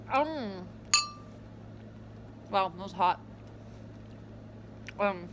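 A woman's voice: mid-range voice, expressive, takes it slowly, long pauses, noisy background. A young woman chatting casually in a vlog from her bedroom, swearing freely and rambling with lots of ums. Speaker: vlogger.

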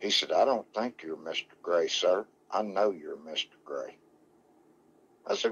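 A man's voice: low voice, expressive, a little slow, husky, lo-fi sound. Salty, rambling man telling a story. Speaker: guest, dog man. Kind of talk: casual storytelling.

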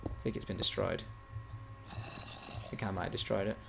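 A young man runs a gaming channel, talking through his play in a low, steady, gravelly voice at a brisk clip, with background noise behind him. He's casual and teasing, flipping between easy chatter and bouts of frustration.

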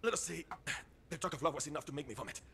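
A battered captive rebel, grim and formal. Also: male voice, on the high side, animated, very fast, a bit bright. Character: battered captive male rebel, proud and bitter. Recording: noisy game audio.

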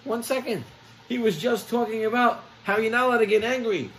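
A man with a high, bright-pitched voice delivers a sermon as a rabbi. He tells stories with energy and acts out the characters he quotes. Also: steady tone, fast talker, low-quality recording.

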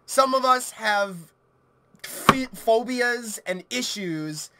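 A young man commentating a horror game let's play, panicky and swearing, swinging between shouts and hushed muttering. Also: extremely high pitch, lively intonation, drawn-out words, very noisy. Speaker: gaming YouTuber.

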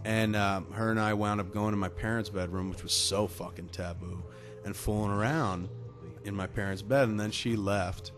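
Low-ish guy on a podcast telling a crude rambling story, swears a lot. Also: steady tone, moderate pace, over music. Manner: profane, rambling anecdote with laughs. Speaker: podcast co-host. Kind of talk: casual chat, storytelling.

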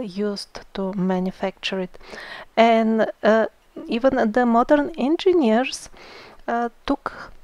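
Earnest high-voiced woman narrating. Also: dry recording. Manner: earnest, explanatory, with frequent "uh" hesitations. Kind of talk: monologue narration.

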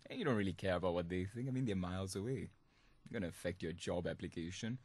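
Young man, student podcast host, low-ish voice, dry studio sound, playful, laughs a lot. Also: quick pace, darkish tone, husky, no echo. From Singapore. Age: young adult. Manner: laughing often, playful and mischievous. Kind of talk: comic monologue podcast.

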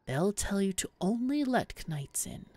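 A woman's voice: medium pitch, very animated, a little slow, warm tone. A woman voicing a pompous, self-important male mage in a video game, speaking in archaic, theatrical phrasing. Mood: scheming.

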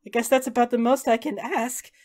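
A woman's voice: a little high, steady tone, fairly quick, a little mellow, natural voice. A woman voicing a motherly regal goddess queen who calls everyone sweetheart. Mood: fond. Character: motherly regal female Raven Queen deity.

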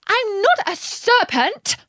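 Woman putting on a high little girl voice. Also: big pitch swings, normal speed, no room sound, studio quality. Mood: indignant. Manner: earnest, anxious, indignant. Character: bewildered polite young girl. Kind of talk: storybook read-aloud.

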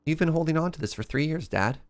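A man voicing a caring, upbeat young adult daughter in a game, in a raised, lively voice. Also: fairly high pitch, fast talker. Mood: encouraging.

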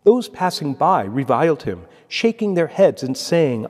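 Solemn priest in a reverberant church. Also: male voice, a little high, very animated, a little mellow, husky. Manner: measured, solemn liturgical delivery. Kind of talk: reading scripture aloud and preaching. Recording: long echoey church reverb.

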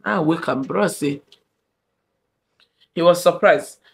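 A young woman with a Nigerian accent, telling a personal story to camera in an animated, dramatic way. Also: fairly low pitch, slow, gravelly. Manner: animated, dramatic storyteller, shifting between loud and hushed. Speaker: vlogger. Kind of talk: storytime monologue.

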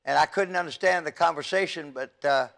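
An older man and youth evangelist giving an earnest, halting testimony from the pulpit, with frequent stammers and restarts. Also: on the high side, creaky, fairly bright tone. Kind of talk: testimony sermon.

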